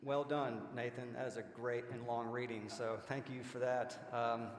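A man's voice: mid-range voice, little pitch movement, moderate pace, roomy sound, big-room sound. A man preaching a sermon in a church, talking in a conversational way and restarting his sentences. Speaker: pastor. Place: church sanctuary.

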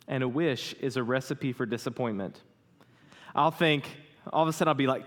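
A man in his thirties, a pastor preaching a sermon in a conversational way, often asking the congregation questions. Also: medium pitch. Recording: hall reverb.

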